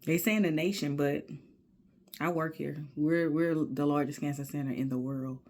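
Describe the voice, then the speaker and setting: A woman talking to her camera in a personal video journal, slow and reflective, often dropping into soft near-whispered asides between casual fillers. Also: sits low, fairly even intonation. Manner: casual, with many fillers and spiritual musing. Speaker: video diarist.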